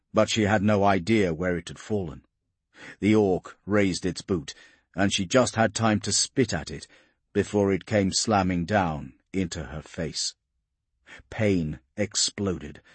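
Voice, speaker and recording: A man narrates an audiobook in a steady, dramatic way. His voice sits a bit low and carries a husky, breathy grain. The recording is dry and close, with no room sound around it. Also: no echo.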